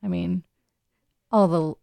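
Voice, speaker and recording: Brief: woman radio host, chatty and rambling, some vocal fry, dry close sound. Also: on the low side, steady tone, slow, mellow, no echo. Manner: chatty, rambling, laughs often. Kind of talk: casual radio chat.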